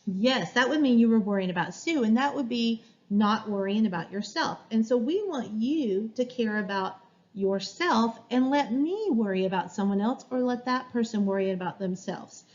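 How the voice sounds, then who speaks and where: Woman, teacher, slow clear sing-song, talking to small children, muffled lo-fi sound. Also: on the high side, animated. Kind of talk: classroom rules lesson to young children. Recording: dull lo-fi recording.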